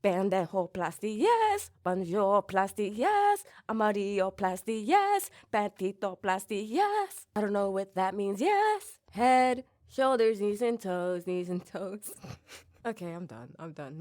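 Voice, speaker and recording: A young adult woman hosting her own podcast, giving a casual, joking commentary and laughing at herself often. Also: low voice. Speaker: podcast host.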